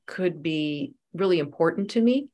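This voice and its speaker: Soft-voiced woman telling stories animatedly. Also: on the low side, normal speed. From United States. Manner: animated storyteller, acts out quoted voices. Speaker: guest, spiritual teacher and life coach. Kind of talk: conversational podcast interview.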